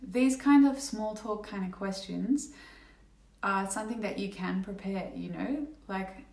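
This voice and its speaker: A woman's voice: mid-range voice, a little slow, vocal fry, darkish tone, recorded from a distance. A young woman vlogging casually to camera, rambling a little with fillers and restarts as she talks through an experience. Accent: Australian. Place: indoor room at home. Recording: echoey room, slightly off-mic.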